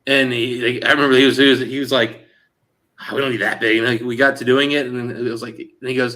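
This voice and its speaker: A man hosting a casual chat show, telling an anecdote and quoting others in lively back-and-forth with lots of "like" and "he goes". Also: mid-range voice, quick pace. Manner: animated storyteller quoting others in dialogue; frequent fillers like "like" and "he goes". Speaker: show host.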